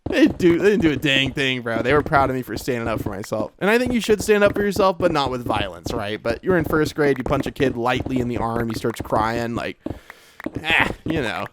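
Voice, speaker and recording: A man's voice: mid-range voice, animated, quick pace, few pauses, noisy background. A young man telling a long, rambling childhood story in a laid-back way while playing a game, his talk full of "like" and "bro". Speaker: gaming streamer.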